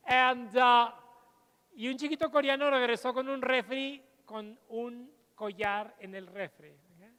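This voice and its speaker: A middle-aged man, giving a lively plenary talk to teachers and telling anecdotes. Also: very high voice, normal speed, clear, resonant tone. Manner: lively, switches between English and Spanish, tells anecdotes. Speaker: conference speaker. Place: large lecture hall. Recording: long hall reverb.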